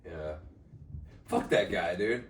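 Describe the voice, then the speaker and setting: Laid-back guy cracking up and cussing, lowish voice, roomy and far from the mic. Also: expressive, slow pace. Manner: laughs a lot, swears, reacts loudly. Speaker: podcast co-host. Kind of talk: casual chat.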